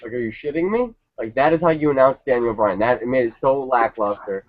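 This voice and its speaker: A man's voice: medium pitch, fast talker, dry recording. A man on a casual review panel, ranting with profanity and sarcasm. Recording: tinny phone-like line, dry.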